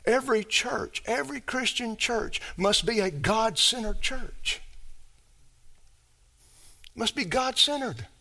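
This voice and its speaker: A man preaching a sermon as pastor, emphatic and repetitive, building his phrases up to shouts. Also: extremely high pitch, animated, slow pace, vocal fry, pauses often.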